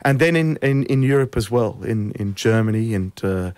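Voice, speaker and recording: Lower-pitched man, dry close sound. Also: animated, moderate pace, a little mellow, smooth, dry recording. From Australia. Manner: anecdotal, acts out quoted voices with rising pitch. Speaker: conductor. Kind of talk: interview storytelling.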